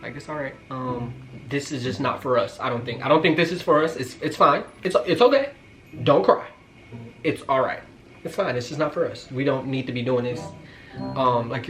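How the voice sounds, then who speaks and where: A man in his twenties telling a casual, slangy storytime vlog, jumping loud and high when reacting and dropping to quiet asides. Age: 20s. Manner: casual slangy talk, lots of fillers. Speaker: vlogger.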